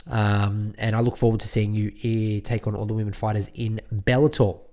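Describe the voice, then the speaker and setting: A man's voice: fairly low pitch, flat delivery, moderate pace, mellow. A man hosting a solo sports podcast, rambling and repeating himself as he rants through his opinions. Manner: rambling, repeats words, ranting. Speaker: podcast host.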